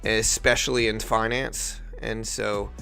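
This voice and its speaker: Over soft background music, a man from near New Orleans with a faint Louisiana accent hosts a day-trading livestream, relaxed as he thinks aloud and answers the chat. His voice is low, creaky and unhurried.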